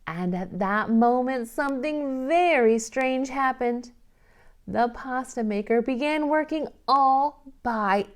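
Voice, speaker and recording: A woman leading a toddler storytime, reading picture books and singing gently in a slow, sing-song way. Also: sits high. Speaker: children's librarian. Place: library storytime recorded on camera.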